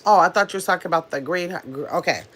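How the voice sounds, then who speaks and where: A woman hosting a casual live stream, chatting quickly and reading viewer comments aloud as she answers them. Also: lowish voice, a bit bright. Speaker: livestream host.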